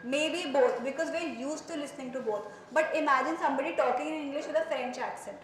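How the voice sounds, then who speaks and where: A woman with an Indian accent and a high-pitched voice teaches a psychology class, slipping in Hindi phrases and checking in with students as she goes. Her voice bounces around a roomy classroom, with a faint hum of room noise behind it. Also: a little fast. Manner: conversational, mixes in Hindi phrases, quizzes students with questions. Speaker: psychology lecturer. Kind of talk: classroom lecture.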